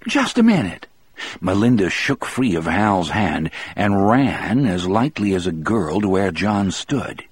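A man narrating a novel in the first person in a measured, even storytelling manner. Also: low voice, slightly rough, dry recording. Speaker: audiobook narrator.

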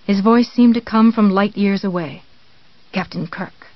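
Audiobook reader, steady and even, dry muffled sound. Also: mid-range voice, normal speed, no room sound. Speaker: audiobook narrator. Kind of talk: scripted narration.

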